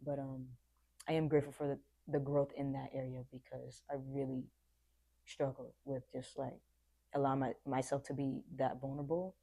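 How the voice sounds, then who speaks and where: A woman's voice: very deep voice, flat delivery, normal speed, creaky, dark tone, breathy edge. A young adult woman talking earnestly and reflectively in a casual podcast conversation, sometimes acting out what people said. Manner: reflective, earnest, acts out quoted voices.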